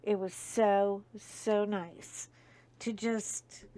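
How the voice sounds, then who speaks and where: A middle-aged woman hosts her own chat vlog, chatting through a long personal story. She drifts into asides and circles back again. Her voice sits at an ordinary pitch for a woman, in a dry, close sound with no room echo. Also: steady tone, drawn-out words, warm tone. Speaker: host.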